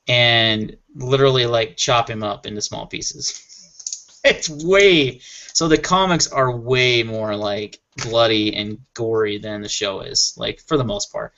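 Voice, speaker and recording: A man's voice: medium pitch, pushed and bright. A man on a panel chat show, talking casually and with enthusiasm, rambling a little and laughing often. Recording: muffled lo-fi audio.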